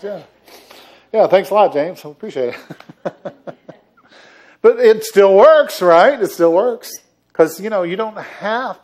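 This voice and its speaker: A man giving a sermon as the church's minister, playful and jokey, often chuckling as he talks to the congregation. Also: fairly high pitch. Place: church sanctuary.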